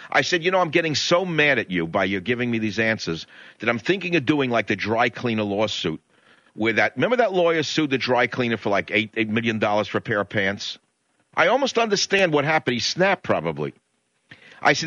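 Bright and forceful, this talk radio host tells his grievance in a rapid, indignant rant, his pitch jumping up and down with great animation. The recording is dry and somewhat dull, reminiscent of old radio.

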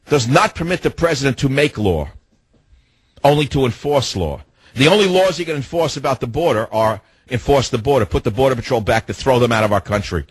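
A man's voice: mid-range voice, breathy edge, no echo, low-quality recording. A man hosting a political talk radio show, delivering an indignant, combative monologue full of rhetorical questions into a studio microphone.

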